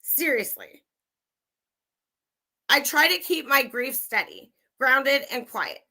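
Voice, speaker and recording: Young woman, bright tense voice, sarcastic, profane, angry true crime livestream rant. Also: sits high, big pitch swings, slow.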